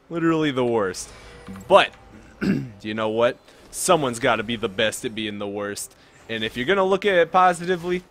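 A young man giving casual gameplay commentary, chatting calmly one moment and yelling at the game the next. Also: mid-range voice. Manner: excitable, swings from calm chatter to yelling at the game.

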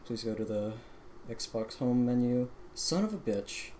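A woman's voice: extremely low pitch, animated, measured pace, dark tone, a little hiss or hum. A woman gamer who swears constantly, tearful and laughing with joy as she talks about her result. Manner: heavy swearing, breathless and laughing through tears. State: crying with joy. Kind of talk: excited casual vlog.

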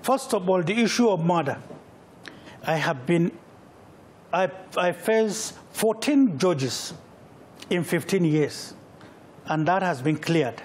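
A man's voice: high voice, animated, takes it slowly, long pauses, a little hiss or hum. A middle-aged Nigerian man answering interview questions, emphatic and repeating phrases for weight. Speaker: political candidate, guest.

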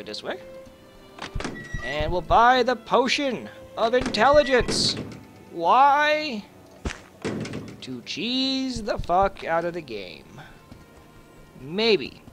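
Sarcastic crude game commentator, bright voice, unhurried. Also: male voice, on the high side. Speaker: gaming video host. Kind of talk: casual gameplay commentary.

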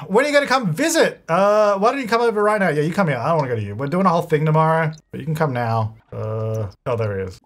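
A man's voice: on the high side, a bit bright. Chatty man narrating his gameplay. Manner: chatty, chuckling, talks to game characters. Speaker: gaming video host. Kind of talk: casual let's-play commentary.

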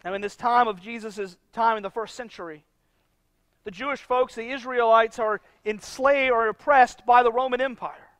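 A man's voice: very high-pitched, fairly even intonation, normal speed, fairly bright tone, no room sound. A man preaching a conversational sermon, asking the congregation questions as he retells a Bible passage. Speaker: pastor.

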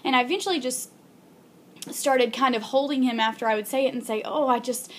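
A young woman in a casual vlog telling a heartfelt faith story, earnest and halting with many ums and restarts. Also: fairly high pitch, fairly bright tone, slight background noise. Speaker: video blogger.

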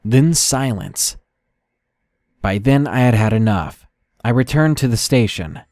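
A man's voice: medium pitch, expressive, measured pace, a little mellow, no room sound. Man narrating horror, dry close sound. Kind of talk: scripted horror story narration.

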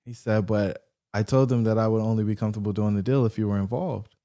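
Animated storytelling man with mellow voice. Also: fairly low pitch, quick pace. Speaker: guest, real estate investor. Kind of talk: storytelling interview.

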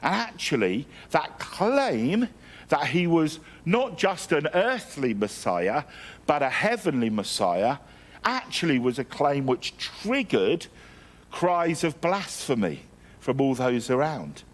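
A man's voice: on the high side, sing-song, takes it slowly. A middle-aged man from England preaching a sermon, telling stories with self-deprecating humour and frequent restarts. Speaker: guest preacher.

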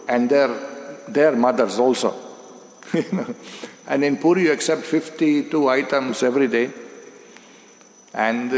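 A man giving a devotional scripture lecture, telling stories and acting out their dialogue with many restarts. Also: mid-range voice. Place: temple hall. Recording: echoey hall with long reverb.

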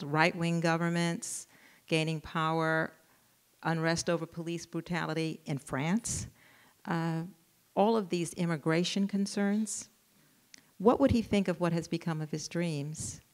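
A woman moderating a live author talk, asking long, measured, thoughtful questions. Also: on the low side, steady tone. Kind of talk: live event interview questions. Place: museum event room with audience.

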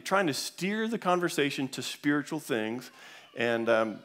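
A man's voice: medium pitch, moderate pace, fairly bright tone. A man speaking at a church event, telling an anecdote to an audience with many fillers and restarts. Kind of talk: storytelling talk to an audience.

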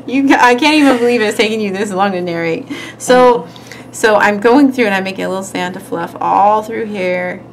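A woman's voice: medium pitch, moderate pace, a little hiss or hum, poor audio. Woman host, casual and giggly, narrating hands-on craft work; light room ambience. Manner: chatty, giggly, talks while working. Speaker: nail art tutorial host.

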